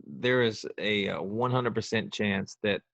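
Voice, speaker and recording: A man's voice: lowish voice, a little slow, creaky, fairly bright tone, no room sound, dull audio. A man as a podcast guest in casual chat, joking and rambling with lots of restarts.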